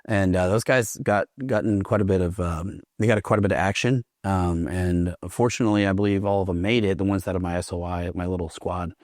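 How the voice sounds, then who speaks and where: A man's voice: low voice, steady tone, fairly quick, hardly any pauses, a little mellow, no room sound, clean studio sound. A man who is a Marine veteran, a guest in a casual interview, telling stories with plenty of swearing and laughter. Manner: profane, laughs through his stories.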